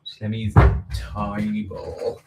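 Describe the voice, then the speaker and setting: A man's voice: fairly low pitch, monotone, a little slow, recorded from a distance. A man chatting casually while baking in his home kitchen, rambling and correcting himself. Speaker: baking livestream host. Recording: roomy kitchen, away from mic, faint noise.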